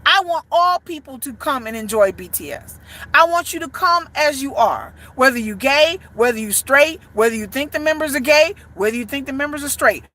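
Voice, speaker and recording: A woman with a high, bright and forceful voice delivers ranting commentary as a content creator. She is blunt and emphatic and curses freely. Her delivery leans into every point. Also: lively intonation, normal speed. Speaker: fan content creator of a boy band.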